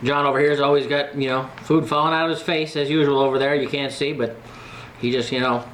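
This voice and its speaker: A man's voice: medium pitch, fairly even intonation, fast talker, fairly bright tone, slight background noise. Easygoing man reviewing food. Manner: easygoing, joking.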